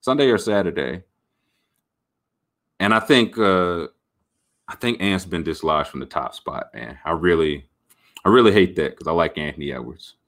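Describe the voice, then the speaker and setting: A man hosting a podcast, rambling about sports in an animated, jokey way. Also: low-pitched, moderate pace, pauses often. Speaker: podcast host. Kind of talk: casual sports talk.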